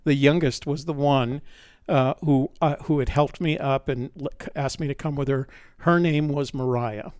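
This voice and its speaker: A man's voice: medium pitch, fairly even intonation, normal speed, darkish tone, clear, resonant tone, no room sound, studio quality. A man telling a long personal anecdote in a casual storytelling manner, often restarting his sentences and stopping for asides. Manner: rambling, with frequent restarts and asides.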